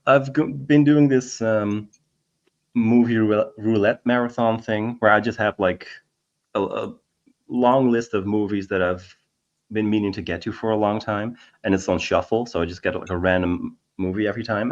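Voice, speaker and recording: A man's voice: lowish voice, fairly even intonation, normal speed. Lo-fi rambling man telling trivia. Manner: rambling anecdotes with many fillers. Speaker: podcast co-host. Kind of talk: casual chat. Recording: dull lo-fi sound.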